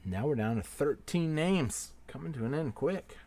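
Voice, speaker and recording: A man's voice: on the high side, lively intonation, moderate pace. A man hosting a live-stream giveaway, calling out names one by one and apologizing to each in a casual, friendly way. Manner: apologetic, repeating "so sorry, my friend" to each name; swings between loud call-outs and quiet asides. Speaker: livestream host running a giveaway.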